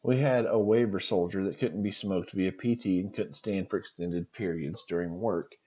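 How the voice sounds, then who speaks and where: Low mellow man reading stories. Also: normal speed, highs cut off. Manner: amused, laughs and reacts between stories. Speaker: podcast host reading listener stories. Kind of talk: reading stories aloud with reactions.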